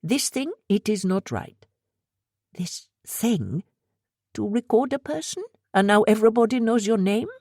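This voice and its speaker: A brisk, worried middle-aged shop owner, as a woman narrator puts him on, talking in quick clipped bursts with a heavy accent. The voice sits low and level in an audiobook read, recorded close and dry with no room sound. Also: sing-song, darkish tone, no echo, heavily acted. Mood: brisk concern. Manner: heavy accent, stilted phrasing. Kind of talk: audiobook character voice.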